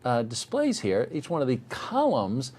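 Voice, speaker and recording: A middle-aged man teaching a technical course live, animated and joking, sometimes acting out little voices. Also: mid-range voice, measured pace, slight background noise. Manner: animated, jokey, acts out voices. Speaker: instructor. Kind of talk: live technical demo with banter.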